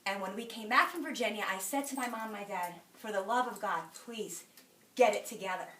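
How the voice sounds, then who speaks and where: Animated woman speaking in an echoey hall. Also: mid-range voice, fairly quick. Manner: animated storyteller, acting out dialogue. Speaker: sales director speaking at a meeting. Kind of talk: motivational talk to a group. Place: meeting room. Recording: echoey room, from a distance, faint noise.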